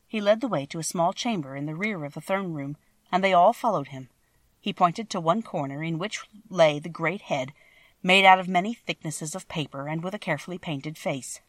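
A woman narrating a classic storybook in a measured, expressive way. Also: on the low side, no echo. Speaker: audiobook reader.

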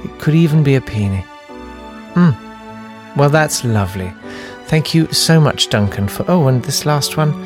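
A man voicing a gentle, fussy older presenter who coos slowly over photos. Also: medium pitch, animated, music in the background, lightly acted. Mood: cooing. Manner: slow, cooing, ponderous.

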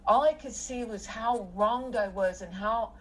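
A woman's voice: a little high, a little slow, poor audio. A middle-aged woman telling a personal story in casual conversation, rambling with many fillers and restarts.

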